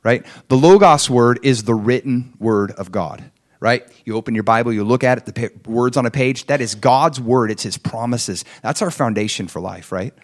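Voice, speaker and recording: A man preaching a conversational sermon, telling stories, asking the congregation questions and acting out the people in them. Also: normal speed. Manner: acts out quoted people with big swings in pitch and loudness. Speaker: pastor.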